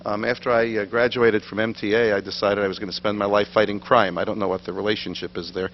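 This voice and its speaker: A man's voice: lowish voice, level tone, fast. A middle-aged man, giving a lecture full of anecdotes and self-deprecating humor in a synagogue hall. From New York, USA. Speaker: guest lecturer. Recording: dull lo-fi recording with faint hum.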